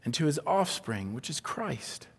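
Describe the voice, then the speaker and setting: A man preaching a sermon with a slightly high voice. He drops to hushed, almost whispered lines and then rises to loud, emphatic bursts. His voice rings out with the long reverb of a large hall. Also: sing-song, a little slow, gravelly, slightly rough. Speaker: pastor.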